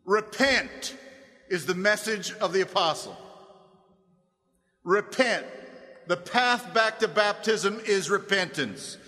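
A man's voice: high voice, expressive, slow, long pauses, pushed and bright. A man preaching a sermon, fervent and accusing, voicing the crowd's cries with drama. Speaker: pastor. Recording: reverberant hall.

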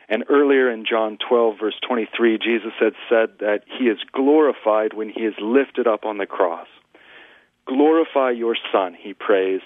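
A male pastor, a guest on a talk radio show, teaching from scripture in an earnest, measured way. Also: fairly low pitch, no echo. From United States. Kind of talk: radio sermon-style teaching. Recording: dry tinny phone line.

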